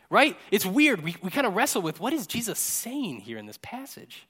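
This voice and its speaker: A male pastor preaching in a loose, conversational way, joking as he goes and tagging his points with "right?". His voice sits a little higher than most men's. He speaks into a microphone during a church service. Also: very animated, fast, few pauses, sharp tone. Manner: chatty and jokey, tags lines with "right?". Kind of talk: casual conversational sermon.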